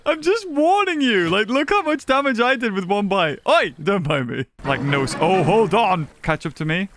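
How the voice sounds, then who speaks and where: A man hosting a gaming video, commentating excitedly, often shouting and laughing while he plays. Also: sits high, normal speed, background noise. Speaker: gaming channel host. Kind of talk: excited let's-play commentary.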